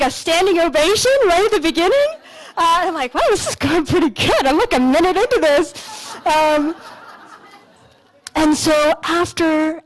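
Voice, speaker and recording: A young woman from Canada giving a motivational talk on a conference stage, telling stories in a casual, animated way with some swearing. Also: sits high, low-quality recording. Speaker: conference speaker. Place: lecture stage at an expo.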